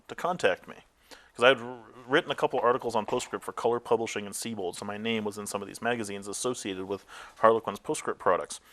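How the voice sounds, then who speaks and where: A man's voice: on the low side, a bit bright. Man telling career stories candidly. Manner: candid storytelling, laughs at himself, many fillers. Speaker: tech company founder interviewed. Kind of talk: anecdotal career interview.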